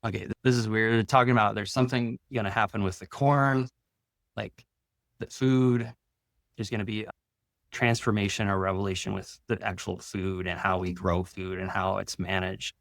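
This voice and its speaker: A man talking loosely with many fillers about spiritual insights, then guiding a slow, soft meditation with long pauses. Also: on the low side, steady tone, creaky, no echo, clean studio sound. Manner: rambling, loose casual talk with many "like" fillers. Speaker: spiritual teacher leading a guided meditation. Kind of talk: channeled energy update and guided meditation.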